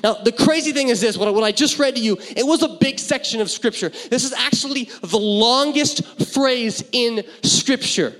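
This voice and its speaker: Male pastor with a higher voice, lively sermon delivery mixing humor with quiet intensity, recorded in a big reverberant hall. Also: moderate pace, hardly any pauses. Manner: animated and joking, dropping to hushed intensity.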